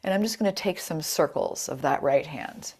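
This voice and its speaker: A woman leading a chair yoga class over a video call, calm and encouraging as she cues breaths and movements. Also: low-pitched, normal speed, breathy edge. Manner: calm, encouraging, greets participants by name. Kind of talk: guided yoga class instruction.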